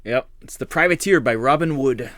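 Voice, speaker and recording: A man's voice: medium pitch, moderate pace, a bit bright, no echo. Male podcast co-host, dry quips, very dead close mic. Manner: dry, wisecracking remarks. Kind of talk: casual podcast chat.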